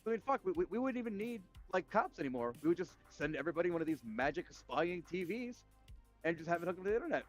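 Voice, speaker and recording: High, lively ranting man. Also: fast, faint music behind. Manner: animated ranting, heavy swearing. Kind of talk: casual chat.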